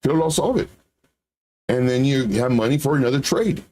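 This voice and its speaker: A middle-aged man talks through trading in a loose, conversational way. He repeats phrases and slips into animated little quoted voices. His pitch sits right in the middle for a man. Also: a little fast, slight background noise. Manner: conversational, repetitive, lively acted-out quotes. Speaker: trading channel host. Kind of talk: casual live market talk.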